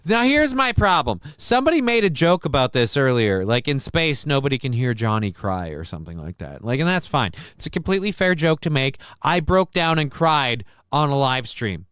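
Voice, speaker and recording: A man's voice: mid-range voice, big pitch swings, moderate pace, hardly any pauses, a bit bright, smooth, no echo. A man hosting a podcast, ranting angrily and sarcastically with profanity about politics from a home studio. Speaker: podcast host. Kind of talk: heated political rant.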